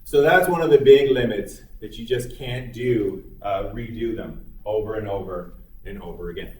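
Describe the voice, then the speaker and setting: A man's voice: lowish voice, moderate pace, a little mellow, a little hiss or hum. A man lecturing a psychology class in a conversational, explanatory way with occasional fillers. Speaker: psychology instructor. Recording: echoey room, mic far off.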